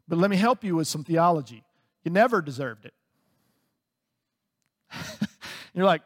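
A man preaching a sermon as a pastor, conversational and animated, often laughing between points. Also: a little high, moderate pace, long pauses, in a large hall. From United States.

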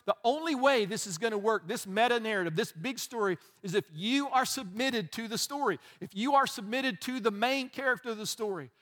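A man's voice: sits high, a bit bright. A middle-aged man preaching a conversational sermon as a pastor, often chuckling and adding asides.

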